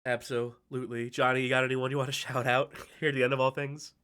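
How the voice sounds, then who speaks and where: A man's voice: mid-range voice, flat delivery, a bit bright, clean tone. A male stream host speaks in a loose, rambling way, swearing freely and stumbling through restarts. He sounds worn out and a bit emotional. His voice sits in the middle range for a man. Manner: heavy swearing, rambling, halting with many fillers. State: tired and emotional. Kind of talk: casual stream thank-you speech.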